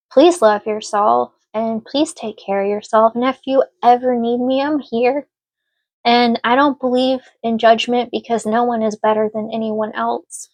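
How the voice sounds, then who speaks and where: A tarot reader with a higher-pitched voice gives a casual spoken reading, earnest and emotional, reassuring her listener. There's no room sound on the recording.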